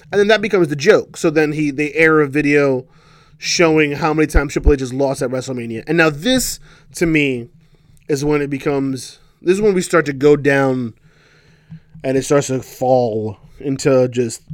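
A man giving casual, sarcastic opinion commentary as a wrestling show reviewer, exasperated and animated as he tells the story. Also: on the high side, moderate pace, no room sound, studio quality.

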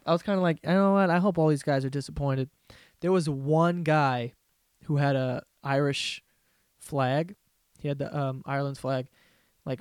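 Young dude hosting a podcast, swears a lot, rambles, bit high voice, dry close sound. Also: male voice, clean tone, no echo. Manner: profane, rambling storyteller with frequent laughs. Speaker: podcast host. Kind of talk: casual solo comedy podcast rant.

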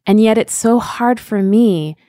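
A woman's voice: on the high side, measured pace, dark tone, dry recording, studio quality. A woman in her thirties, a podcast co-host, speaking candidly and earnestly about parenting. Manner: earnest, candid, with fillers like "you know". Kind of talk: reflective podcast conversation.

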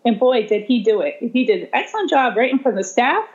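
A woman special education teacher telling a story in conversation, animated, laughing often and voicing the people she quotes. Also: fairly high pitch, fast. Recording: slightly dull lo-fi sound.

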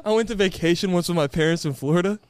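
Young male podcast co-host, higher voice, giggly and rambling, dry close mic. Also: racing, darkish tone, clear, resonant tone, no room sound. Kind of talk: casual podcast banter.

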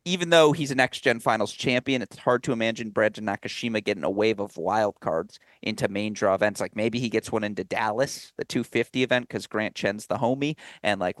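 A man hosting a sports podcast, talking through his picks in rapid, animated run-on analysis. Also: medium pitch, dry recording. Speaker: podcast host. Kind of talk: casual sports podcast chat.

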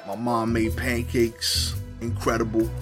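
A man's voice: medium pitch, completely flat delivery, unhurried, music in the background. A man, telling a funny personal story in a conversational way, full of wry asides. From New York. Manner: conversational, many "you know" fillers, wry asides.

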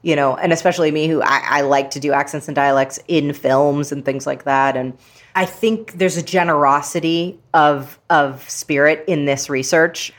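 A woman's voice: low voice, fairly even intonation, moderate pace. A woman author speaking as an interview guest, reflective and playful, with frequent fillers. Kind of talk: casual interview talk.

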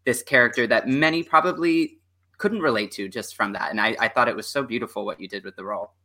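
Male host, casual interview, bright tone, rambling questions. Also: medium pitch, fast talker. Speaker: podcast host.

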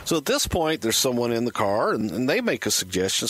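A man's voice: medium pitch, fairly quick, few pauses, no echo. A man casually telling a story on a podcast, slipping into impressions. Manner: lively, slips into gravelly impressions.

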